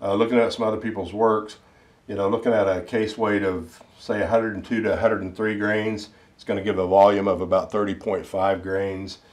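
Man, lowish voice, casual how-to talk, halting with fillers, distant mic in an echoey room. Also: little pitch movement. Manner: unhurried, thinking aloud with many fillers. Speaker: ammunition reloading hobbyist. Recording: roomy sound, mic set back.

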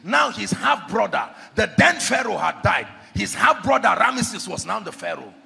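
A man preaching an impassioned sermon, often shouting, with sing-song delivery. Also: sits high, big pitch swings, normal speed, creaky. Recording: echoey hall with faint music.

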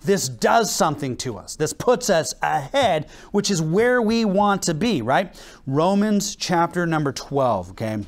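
American pastor preaching, kinda high voice that jumps all over, acts stuff out, laughs a lot. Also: male voice, measured pace. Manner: animated preaching, acts out dialogue, laughs often. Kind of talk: sermon.

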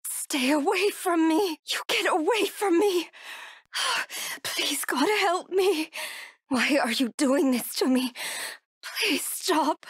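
A woman's voice: very high voice, dry recording, clean studio sound. Hunted young woman whispering. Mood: terrified. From Texas. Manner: whispers and talks herself through danger. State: wounded and in pain. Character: frightened young woman hiding from killers. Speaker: game character. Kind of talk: video game voice acting.

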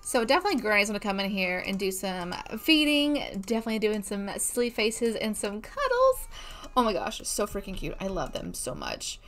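A woman's voice: mid-range voice, huge pitch swings, normal speed, fairly bright tone. A woman hosting a casual gameplay let's play, gushing with bubbly exclamations as she plays.

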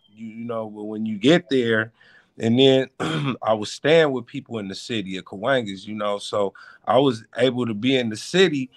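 A man in a casual podcast chat, telling stories in slang with animated exclamations. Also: mid-range voice.

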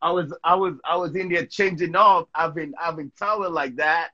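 A man from Sierra Leone telling a story in a casual interview, lively and full of repeated words and "right?" tags. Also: on the high side, moderate pace, dull audio. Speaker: interview guest, pro soccer player.

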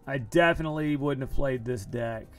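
A man's voice: mid-range voice, normal speed, faint music behind. A man live-streaming an online card game from home, chatting casually and groaning about his bad luck.

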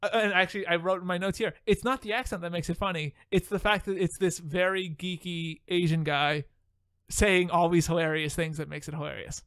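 Podcast host, male, high-pitched, dry close sound, animated and quick to laugh. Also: clean tone, dry recording. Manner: animated, laughs often, swears casually. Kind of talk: casual chat.

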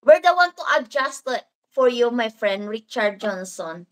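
Hosting a casual live stream, a Filipino woman from Davao rambles through viewer comments, slipping in Filipino words. Her voice is a little high with big pitch swings and an unhurried pace, and the recording quality is low.

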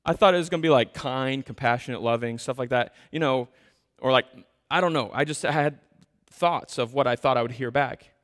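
A male pastor preaching a sermon in a conversational, self-deprecating, animated storytelling way. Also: mid-range voice, brisk. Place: church sanctuary. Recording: long hall reverb.

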